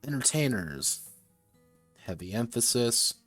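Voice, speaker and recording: A man's voice: mid-range voice, sing-song, slow, fairly bright tone, no echo, soft background music. A man streaming as he designs a tabletop game, thinking aloud in a muttering way, often correcting himself and swearing casually.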